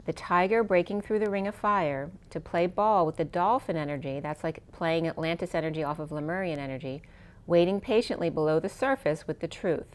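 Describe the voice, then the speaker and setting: Woman, tarot reader, slightly low voice, soft and meandering delivery that trails off, voice wearing thin. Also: a little fast. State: losing her voice. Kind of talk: spiritual tarot reading.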